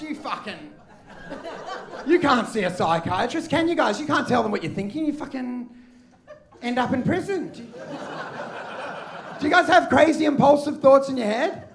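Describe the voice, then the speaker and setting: An Australian man doing dark, aggressive stand-up with shouted punchlines to a live crowd. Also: very high-pitched, lively intonation, moderate pace, vocal fry. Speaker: stand-up comedian. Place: comedy club stage with laughing audience.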